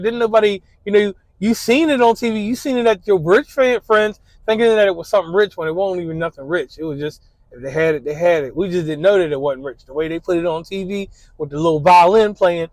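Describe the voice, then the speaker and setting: In a high voice over poor, roomless audio, a man casually describes his ideal date. His monologue is laid-back and slangy, packed with "you know" fillers.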